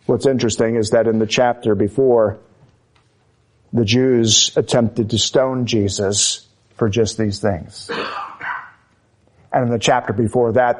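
A man preaching a sermon, speaking in a measured, emphatic way and pressing his listeners with repeated rhetorical questions. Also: mid-range voice, darkish tone.

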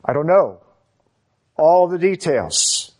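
Slow, emphatic male preacher. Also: on the high side, big pitch swings, darkish tone. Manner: measured, emphatic, repeating rhetorical questions. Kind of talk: sermon.

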